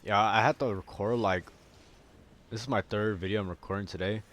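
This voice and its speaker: A young man giving casual, profane gameplay commentary, often bursting into yells. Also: fairly low pitch, brisk. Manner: profane, excitable, bursts into yelling. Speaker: gaming video creator.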